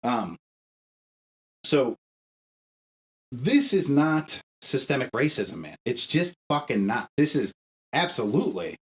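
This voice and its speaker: A fired-up young man on a podcast, swearing freely and pressing his argument hard. His voice sits at a middling pitch for a man but jumps sharply upward when he gets worked up. It sounds like a loose, casual conversation between friends. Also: big pitch swings, takes it slowly, long pauses, rough recording. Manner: profane, emphatic, arguing with rising pitch. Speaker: podcast co-host. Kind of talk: heated casual podcast rant.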